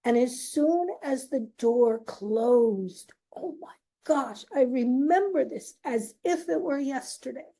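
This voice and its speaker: A middle-aged woman hosting her own show, slowly and earnestly telling a personal story in a confiding way. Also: sits high, animated, mellow. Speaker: host.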